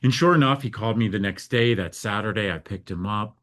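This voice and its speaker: A man's voice: on the low side, brisk, fairly bright tone. A middle-aged American man, a foster care advocate, telling his story in an interview with earnest, heartfelt feeling.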